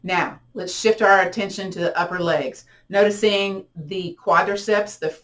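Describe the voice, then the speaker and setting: This is a middle-aged female yoga and tai chi instructor with a mid-range voice. Her gentle class centers on breathwork and a body-scan meditation, delivered in unhurried, soothing cues with counted breaths.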